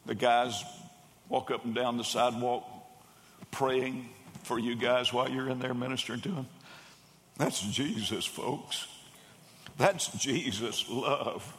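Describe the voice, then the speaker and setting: Male pastor, mid pitch, lively storytelling sermon, big echoing church hall. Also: slow, long pauses. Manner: animated storyteller, raises voice for quoted characters. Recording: long hall reverb.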